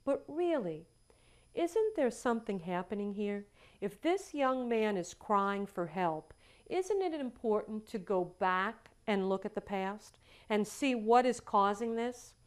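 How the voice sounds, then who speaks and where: A woman counselor telling a story from a session in a lecture, with animated, emphatic repetition and acting out both sides of the dialogue. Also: medium pitch, unhurried.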